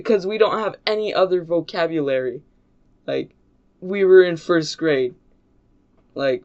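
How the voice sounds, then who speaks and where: Slow, rambling man on a lo-fi mic. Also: a little high, darkish tone. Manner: rambling, filler-heavy storytelling. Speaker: YouTuber. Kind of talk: casual storytime vlog. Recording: dull lo-fi recording.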